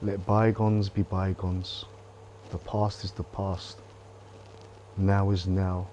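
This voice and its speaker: A qigong teacher talks his class through stretches and breathing, calm and patient, coming back to the same gentle cues. His voice sits a little low and mellow. It is caught on a close mic while he moves, with a faint hiss underneath. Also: slow pace. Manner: calm, coaching with gentle repetition. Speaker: qigong instructor. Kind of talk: guided movement and breathing class. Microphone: close clip-on mic while moving.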